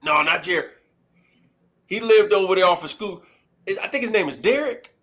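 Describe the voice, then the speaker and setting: A man in his forties from Detroit, co-hosting a casual reunion chat and telling animated school stories with lots of laughter. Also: sits high, moderate pace. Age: 40s. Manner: animated storyteller, laughs often, acts out quotes. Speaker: co-host.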